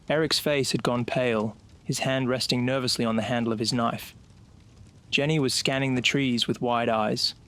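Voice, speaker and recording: Man narrating a slow, suspenseful horror story. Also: mid-range voice, pushed and bright.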